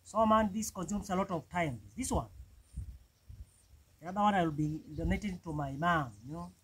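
A Kenyan man with a high voice chats through an outdoor cooking vlog, cooking over a wood fire in a village. Birds and animals sound faintly behind him, under a light hiss of outdoor noise. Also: normal speed, fairly bright tone, rough recording. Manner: chatty, repeats "man" often. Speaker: vlogger.

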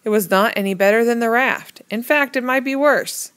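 A woman reading a novel aloud in a measured, plain storytelling manner. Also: on the high side, fairly bright tone, no room sound. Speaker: reader.

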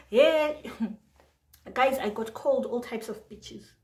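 Young female vlogger from Zimbabwe, higher voice, animated storyteller who plays all the parts, recorded in a roomy, echoey space. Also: slow. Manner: animated, acts out both sides of a phone argument. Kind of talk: casual storytime to camera.

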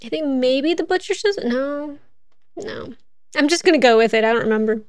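A young woman with a high, expressive voice streams a horror game at a moderate pace, chatting casually, giggling often and talking back to the game. The recording has no echo.

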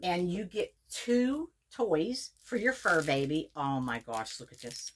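A woman's voice: fairly low pitch, sing-song, slow, slight background noise. A middle-aged woman from Pennsylvania reviewing a subscription box in a casual unboxing video, gushing and repeating her words as she reads labels aloud.

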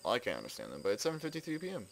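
A man giving casual let's play commentary, excitably exclaiming and narrating what he does in the game. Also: medium pitch, racing, creaky, noisy background. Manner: excitable, exclaims and narrates his own actions. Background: game music.

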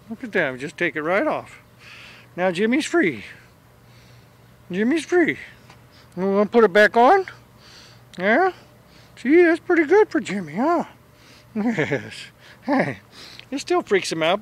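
A man's voice: high voice, sing-song, unhurried, long pauses, a bit bright. A man filming his dogs and coaxing them in sing-song baby talk.

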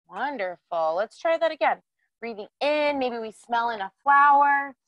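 A woman's voice: high voice, a bit bright, dry recording, muffled recording. A woman leading a children's yoga class, cheerful and encouraging, asking the kids questions as she guides their breathing.

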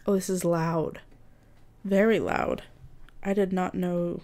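A young woman vlogs casually at home, chatting and amusing herself as she sets up and tests a new condenser microphone, even talking to the setup. Her voice is lowish, steady, and darkish, at a moderate pace.

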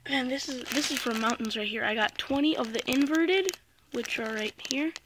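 A woman chatting excitedly through an unboxing vlog, with lots of fillers like "um" and "like.". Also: high voice, moderate pace, background noise. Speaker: vlogger.

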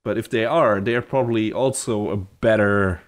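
A man co-hosting a podcast in casual chat, relaxed and hedging, laughing easily. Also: lowish voice, normal speed. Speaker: podcast co-host.

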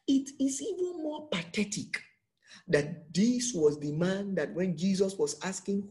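A man preaching a sermon, acting out quotes and swinging between shouts and hushed lines, repeating words for emphasis. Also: sits high, expressive, unhurried. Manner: dramatic, swings from loud to hushed, acts out quotes.

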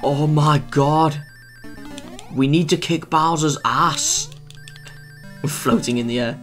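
A man giving excitable let's play commentary, exclaiming and scolding the game as he plays. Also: a little high, slow pace, soft background music. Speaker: gameplay video host.

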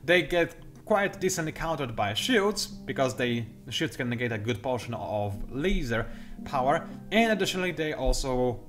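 A young man hosting a strategy game tutorial, talking quickly through detailed explanations with dry, sarcastic asides. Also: medium pitch, big pitch swings, over music. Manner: talks fast, self-admittedly. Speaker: gameplay tutorial host. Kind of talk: explanatory let's-play commentary.

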